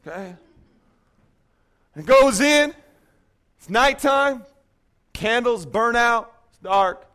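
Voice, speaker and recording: Joking, animated male preacher. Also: extremely high pitch, slow pace. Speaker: pastor. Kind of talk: sermon. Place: church.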